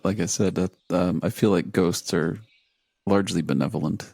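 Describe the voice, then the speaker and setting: Podcast guy, low voice, dry mic, asks stuff, kinda hesitant. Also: steady tone, moderate pace, gravelly, a little mellow, dry recording. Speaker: podcast co-host. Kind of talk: casual movie discussion.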